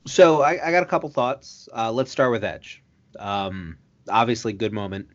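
A man co-hosting a casual wrestling chat, laid-back, mostly short agreeing replies, warming into enthusiastic runs. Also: medium pitch, moderate pace, highs cut off. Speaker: co-host.

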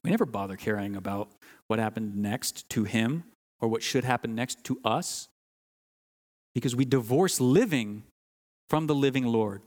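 A man's voice: medium pitch, expressive, moderate pace, a little mellow, long reverb tail. A man preaching a sermon, earnest and teaching, stressing key words and sometimes restarting phrases. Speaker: pastor.

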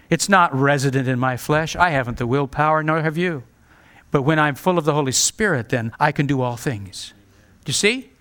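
A man's voice: fairly high pitch, a bit bright. A male pastor preaching a sermon, earnest and direct, pleading with his listeners.

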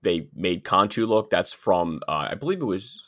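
A man co-hosting a casual show chat, halting and repeating his words as he talks. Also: low voice, sing-song, fairly bright tone. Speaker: podcast co-host.

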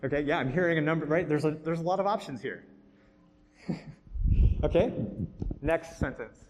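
A man leads a group workshop, coaching participants in an upbeat way and laughing often. His voice sits a bit high for a man. The sound rings with a long reverb, as if the room is a large hall. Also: moderate pace, a little mellow. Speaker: workshop instructor. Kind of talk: classroom teaching to a group.

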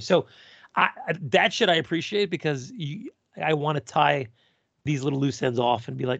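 A man's voice: on the high side, a little fast, gravelly, fairly bright tone, dry recording. A man co-hosting a podcast, chatting casually and profanely about a TV episode, rambling and laughing often. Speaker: podcast co-host. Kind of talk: casual chat reviewing a TV episode.

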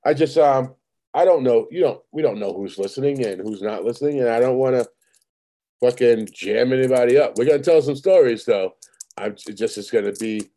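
A man's voice: mid-range voice, fairly quick, dark tone. A man in casual chat, blunt and profane, speaking matter-of-factly. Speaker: podcast co-host.

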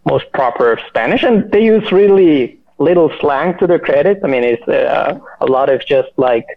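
A man in casual chat, halting and full of fillers and restarts. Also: fairly high pitch, expressive, vocal fry. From Mexico. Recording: muffled lo-fi audio.

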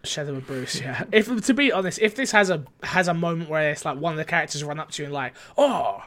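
A man's voice: on the high side, fast, a bit bright. A young man co-hosting a casual gaming news chat, reading out stories with frequent stumbles and a playful, rambling manner.

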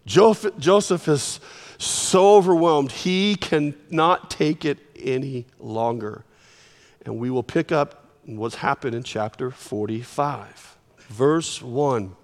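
A man preaching a sermon, telling the story in an animated way, with sudden swings in volume. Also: mid-range voice, slow. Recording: long reverb of a large hall.

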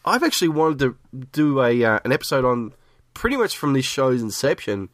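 A man's voice: medium pitch, big pitch swings, a little fast, no room sound, clean studio sound. A man hosting a podcast, joking and laughing as he chats while sick with a cold. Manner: laughs often, rambling and jokey. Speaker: podcast host. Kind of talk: casual chat.

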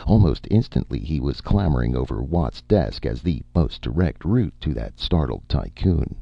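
A man reads a story aloud with steady, measured narration. His voice is very deep, gravelly and husky, and it moves lively through its range. The dry recording sounds dull and muffled. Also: no room sound. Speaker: audiobook narrator. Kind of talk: scripted narration.

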